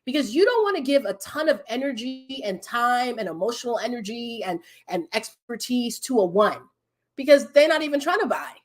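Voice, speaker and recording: Woman coach going live, kinda high voice, chatty and animated, laughs a lot at the comments. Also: normal speed. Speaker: business coach hosting a live stream. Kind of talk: casual live-stream talk.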